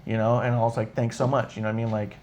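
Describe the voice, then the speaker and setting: A man's voice: mid-range voice, little pitch movement, rapid-fire, darkish tone, a little hiss or hum. A man hosting a live podcast in casual chat, rambling through an anecdote with lots of swearing and acting out the quoted lines. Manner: acts out quoted dialogue with shifting voices. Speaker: podcast host.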